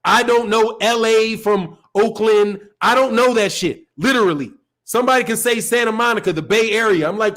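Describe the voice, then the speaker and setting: On his live boxing stream, a Chicago host with the city's accent talks at normal speed in a high, slightly bright voice. His casual rant is loose and rambling, peppered with profanity and laughter.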